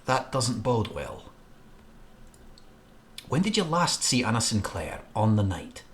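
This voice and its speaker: A man with a fairly low voice plays through a detective game. He reads his character's questions aloud and keeps making joking, irreverent asides. His delivery stays loose and casual. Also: big pitch swings, slow, fairly bright tone, a little hiss or hum. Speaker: game player voicing characters. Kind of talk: let's-play narration with voiced dialogue.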